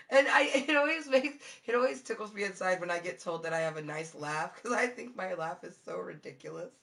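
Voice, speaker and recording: Woman streamer, low-toned, bright and forceful, loose, swears a lot, giggly casual chat with viewers. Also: lively intonation, fairly quick, vocal fry, hardly any pauses. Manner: rambling, profane, giggly, many fillers. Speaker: live streamer.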